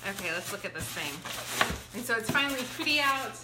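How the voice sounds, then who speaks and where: A woman hosting a live unboxing from her home, bubbly and excited, greeting viewers by name. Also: a little high, brisk. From Ohio, US. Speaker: product review livestream host. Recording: echoey room with background noise.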